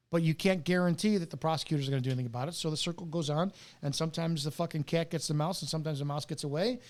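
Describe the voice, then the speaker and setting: A man's voice: a little high, darkish tone. A middle-aged man, a retired police officer, delivering a bitter, profane, preachy rant with hard stressed words. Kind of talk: ranting monologue to camera.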